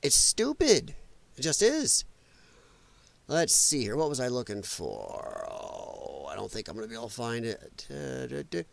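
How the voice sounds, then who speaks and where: A man's voice: medium pitch, wildly swooping pitch, a little slow, vocal fry, no echo. A man from the United States hosting a livestream, reacting to clips with blunt, profane, sarcastic commentary. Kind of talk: casual ranting commentary.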